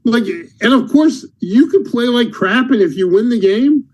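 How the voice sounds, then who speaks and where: A high-pitched man hosts a casual podcast chat. He talks in animated bursts, slipping into the voices of yelling coaches as he tells his stories. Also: normal speed, few pauses, low-quality recording. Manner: animated storyteller, acts out shouting coaches. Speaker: podcast host and basketball coach.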